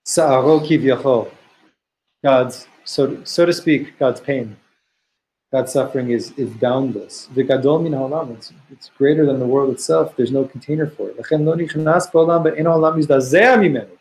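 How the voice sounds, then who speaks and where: A man's voice: mid-range voice, quick pace, a little mellow, poor audio. A man teaching a study session. He reads Hebrew passages aloud and explains them in an earnest, searching way, often restarting his phrases. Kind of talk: text study lesson.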